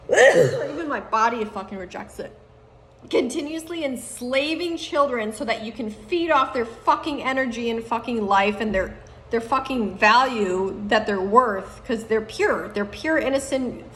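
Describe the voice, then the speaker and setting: A woman in her thirties delivering an angry, profane monologue to camera, swinging between loud outbursts and low muttering. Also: slight background noise. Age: 30s.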